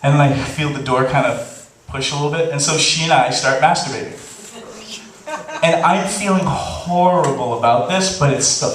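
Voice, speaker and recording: A man telling a funny personal story on stage before a live audience, animated and laughing, acting out the voices he quotes. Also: a little high, normal speed, recorded from a distance, a crowd in the background. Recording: echoey live hall recording, faint hiss.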